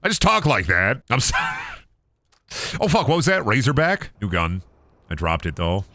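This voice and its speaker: A man's voice: lowish voice, very animated, normal speed, bright, forceful tone, dry recording, clean studio sound. A young man giving casual, goofy and profane commentary while streaming a video game. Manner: goofy, profane, playful voice swings.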